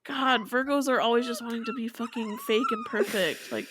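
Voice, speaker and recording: A woman's voice: on the high side, a little fast, background noise. A young adult woman co-hosting a podcast, telling a funny story in casual chat, laughing often and swearing freely. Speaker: podcast co-host.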